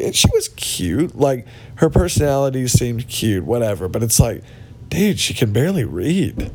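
Very animated and a little mellow, this man speaks at medium pitch and a moderate pace, with a bit of hiss or hum in the audio. He's hosting a loose podcast monologue, bluntly ranting and poking fun at people from a cabin where others are present, without his normal mic.

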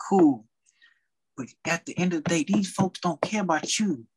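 A young man who works retail, telling work stories in a casual chat with an animated, venting delivery. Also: fairly high pitch, moderate pace, husky, rough recording. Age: young adult. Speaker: retail worker.

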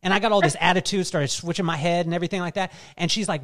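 Male podcast host, casual, animated storyteller who laughs often. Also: high voice, very fast, few pauses. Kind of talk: casual chat.

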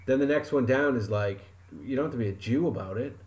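A man's voice: medium pitch, quick pace, a little mellow. A man from Wyoming co-hosting a casual podcast, speaking bluntly with wry exaggeration. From Wyoming, USA. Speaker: podcast co-host.

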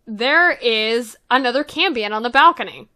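A woman's voice: a little high, lively intonation, normal speed, sharp tone. A woman narrating as game master, hesitant with many fillers.

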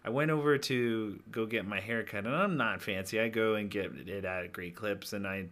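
A man's voice: fairly low pitch, moderate pace, fairly bright tone. A man co-hosting a casual podcast, telling a story with laughs and restarts. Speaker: podcast co-host.

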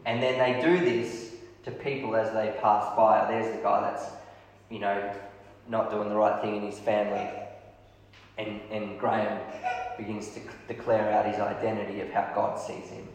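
Man, preacher, storytelling sermon, lively voice for characters, big echoey hall, long reverb. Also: lowish voice, moderate pace. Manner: lively storyteller acting out dialogue.

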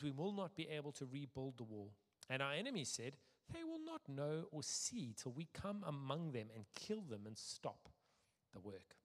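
A man reading a scripture passage aloud and then preaching casually, with dramatic pauses and soft dips at the ends of phrases. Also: medium pitch. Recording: long hall reverb.

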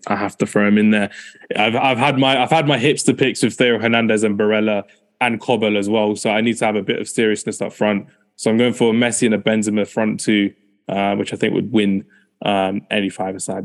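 A man hosting a casual football chat, rambling and often repeating himself. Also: lowish voice. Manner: fast, rambling, repeats "as well". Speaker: podcast host.

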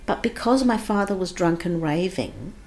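Woman, slightly low voice, emotional first-person storytelling, hushed to intense. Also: expressive, moderate pace, slight background noise. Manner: vivid, emotional retelling with shifts between hushed and raised intensity. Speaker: guest recounting her childhood.

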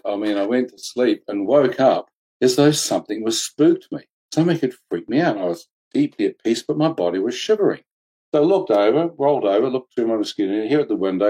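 Excitable man telling a wild story. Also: brisk, poor audio. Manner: excitable, laughs often, acts out quoted voices with big pitch jumps; colloquial slang, "mate", "flippin'". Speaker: guest telling a testimony. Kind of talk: animated personal storytelling.

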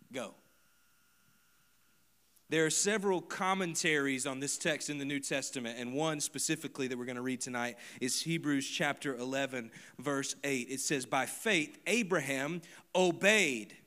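A male pastor delivering a sermon to his congregation at a church service. His voice sits at an ordinary middle pitch. He drops into quiet, personal asides and then builds to loud, emphatic repetition. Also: normal speed.

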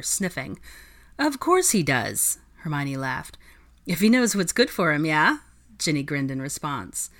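Low-voiced woman reading a story. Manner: expressive storytelling. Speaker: reader. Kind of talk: fan fiction read aloud.

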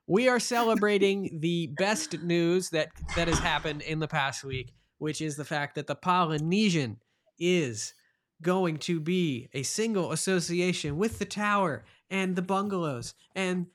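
A man's voice: a little high, unhurried. A middle-aged man hosting a live-streamed podcast, chatting in an upbeat, playful, teasing way. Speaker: podcast host.

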